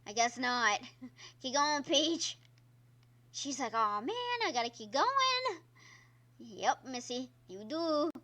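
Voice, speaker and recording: A woman's voice: a little high, bright, forceful tone. A woman streamer giving casual gameplay commentary, chatty and exclaiming at the game while talking to her viewers. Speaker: gaming streamer. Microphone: own microphone.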